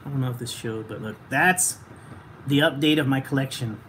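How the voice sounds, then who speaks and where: A woman's voice: extremely low pitch, brisk, a bit bright, slight background noise. A woman co-hosting a toy-hunting livestream from her collection room, joking with a co-host and reading chat with lots of laughter. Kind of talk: casual livestream banter.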